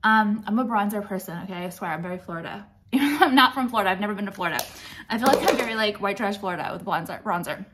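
A woman in her late thirties talks through her makeup routine in a blunt, rambling, foul-mouthed way. She sounds a little out of breath as she goes. Her voice sits at an ordinary middle pitch for a woman. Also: animated, very fast, background noise. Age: late 30s. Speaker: beauty vlogger. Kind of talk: casual makeup tutorial chat.

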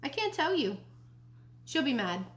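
A woman reading a storybook aloud, voicing a small mischievous boy who is jealous of his baby sister in a high, childlike, whiny voice. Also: very animated, measured pace, a bit bright, full character voice.

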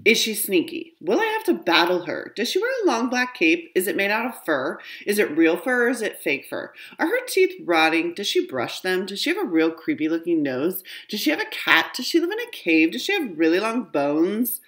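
A woman voicing an imaginative, excitable little girl who fires off breathless questions in a storybook reading. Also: medium pitch, voice pushed up. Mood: eager. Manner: breathless rapid-fire questions, squealing.

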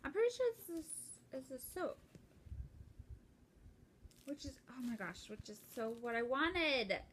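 Excited, rambling young woman unboxing gifts. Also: high voice, measured pace, slight background noise. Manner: excited, rambling with many fillers and restarts. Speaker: vlogger opening a gift. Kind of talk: casual unboxing chat.

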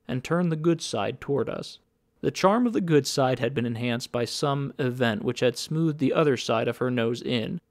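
Man narrating an audiobook. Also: mid-range voice. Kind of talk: scripted narration.

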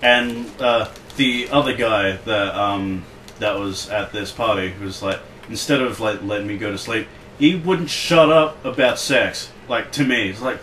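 A man's voice: on the low side, a little slow, a bit bright, recorded from a distance. A young Australian man chatting casually while gaming, rambling and swearing often with lots of filler words. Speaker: let's play co-host. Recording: roomy echo, off-mic, faint hiss.

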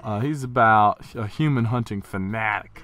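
A man's voice: fairly low pitch, normal speed, a bit bright, soft background music, natural voice. A man voicing a laid-back, joking skeleton from a video game in a casual, easygoing way.

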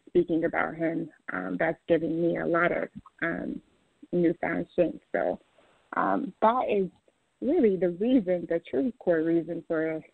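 Gravelly, halting podcast co-host on a phone line. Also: medium pitch, no room sound. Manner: hesitant, many fillers. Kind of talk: casual podcast talk. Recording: dry tinny phone-like line.

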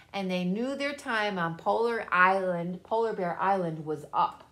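A woman reading a children's story aloud and talking directly to the children listening. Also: medium pitch. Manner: animated, talks directly to children.

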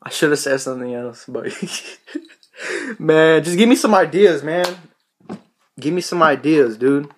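A man's voice: on the high side, animated, unhurried, long pauses, slightly rough. A young man in his late teens talking casually to camera in a rambling, profane way, full of "you know" fillers. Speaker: vlogger. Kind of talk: casual rambling vlog talk.

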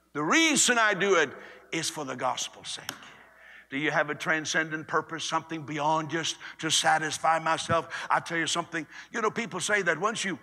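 A man preaching a sermon in a conversational way, swinging between loud and hushed delivery. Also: on the high side. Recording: long reverb of a large hall.

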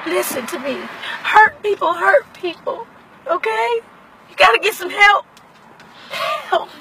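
A woman's voice: extremely high pitch, slow pace, background noise. A performer voicing a brash, theatrical woman who scolds her sister while driving. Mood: lecturing. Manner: loud, theatrical, swings to shouting.

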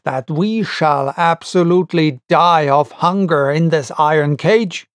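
A man's voice: a little high, measured pace, clear, resonant tone, no echo, close to an everyday voice. A man doing a blustering, angry harpooner. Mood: indignant. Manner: indignant, blustering. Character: angry hot-tempered male harpooner, adult.

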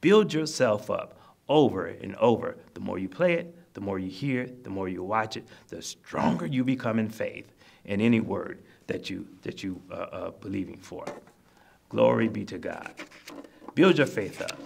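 A man's voice: fairly low pitch, lively intonation, normal speed, gravelly, a little mellow, husky. A man preaching a sermon to nursing home residents, explaining scripture plainly and repeating his points to encourage them. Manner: repetitive, exhorting, explains scripture in plain terms. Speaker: minister.

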